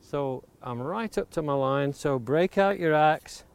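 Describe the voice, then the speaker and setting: Outdoors near the coast, a woodcarving instructor with a slightly high voice talks a little slowly through a hands-on demonstration of shaping a wooden blank with an axe. Every step gets explained and safety is stressed, with axe chops and clicks clearly audible throughout.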